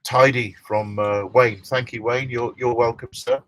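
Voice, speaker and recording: A man's voice: mid-range voice, fairly even intonation, unhurried, fairly bright tone, no echo. A middle-aged man hosting a casual live stream from inside a motorhome, chatting and reading out viewer comments with frequent laughs.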